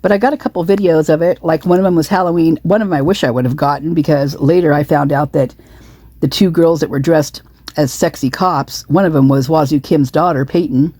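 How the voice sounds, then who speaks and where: A woman rambles through casual true-crime commentary, indignant and repetitive, with a low, dark and husky voice. She has the hiccups, and the dry, close sound carries no room around her. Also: fairly even intonation, fairly quick, no echo. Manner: indignant, repetitive, many restarts and asides.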